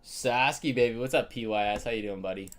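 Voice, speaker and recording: A man's voice: medium pitch, fairly quick. A young Canadian man hosting a live card break stream, chatting casually and greeting viewers by name.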